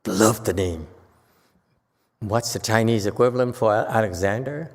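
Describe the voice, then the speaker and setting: A man's voice: fairly low pitch, measured pace. A man teaching as a Buddhist master in a Dharma lecture, teasing and blunt with his listeners and laughing often. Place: temple lecture hall. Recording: long hall reverb.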